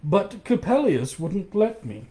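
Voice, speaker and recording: A man's voice: high-pitched, very animated, slow, mellow, pitched above the performer's own voice, full character voice. A man reading aloud and voicing an anxious older male professor and inventor in a storybook tale. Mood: explaining.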